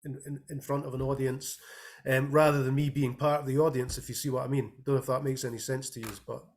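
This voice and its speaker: A man's voice: mid-range voice, level tone, quick pace. A man, a musician and composer, talking thoughtfully over a video call with many hesitant fillers. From Scotland. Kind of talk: casual interview talk.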